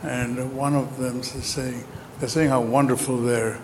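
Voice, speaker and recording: A man's voice: mid-range voice, flat delivery, unhurried, background noise. A man speaking on a panel in a lecture hall, talking hesitantly with many ums and telling a joke. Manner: hesitant, many ums, raising voice when the mic fails.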